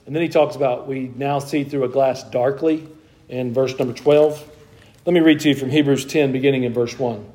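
Mellow-voiced male preacher. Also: mid-range voice, moderate pace. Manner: reads long scripture passages aloud, then explains them; asks the congregation rhetorical questions. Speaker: pastor. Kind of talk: expository sermon.

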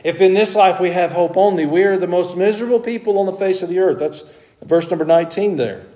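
A man's voice: high-pitched, fast talker, mellow. A man teaching a Bible study to a group in a conversational way, talking with the class and growing more emphatic as he explains the passage.

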